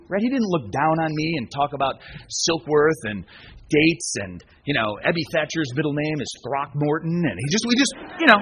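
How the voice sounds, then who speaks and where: Man, slightly high voice, storytelling talk, faint hiss behind, casual repeats. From United States. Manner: conversational, repeats words, asks "right?" often. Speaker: recovery meeting speaker. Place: speaking at a conference.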